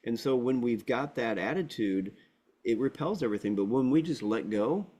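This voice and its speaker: A man's voice: medium pitch, animated, moderate pace, mellow. A man hosting a spiritual talk show, speaking in an earnest, affirming, teacherly way. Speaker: host.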